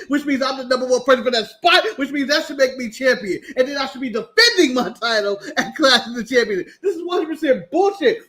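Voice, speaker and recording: A fuming woman wrestler, as an American man puts her on, unloads a profane, indignant tirade on her boss. The voice sits very high and sounds bright and sharp. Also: heavily acted.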